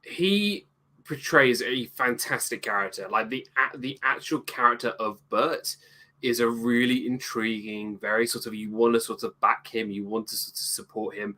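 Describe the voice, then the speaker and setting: Bright-voiced man co-hosting a movie chat. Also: medium pitch, normal speed. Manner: wry, jokes, mimics accents. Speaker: podcast co-host. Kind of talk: casual chat, movie review.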